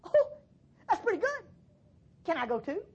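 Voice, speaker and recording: A woman voicing an excited, bewildered worshipper at the temple who fires off flustered questions. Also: very high voice, a little fast, pitched above the performer's own voice. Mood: eager.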